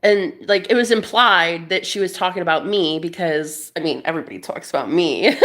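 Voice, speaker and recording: A woman's voice: fairly low pitch, normal speed. A young woman chatting casually to camera as she tells a story, acting out the people in it, laughing often and dropping to whispers. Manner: animated, laughing, acts out quoted voices, drops to whispers. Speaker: vlogger. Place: Airbnb room indoors.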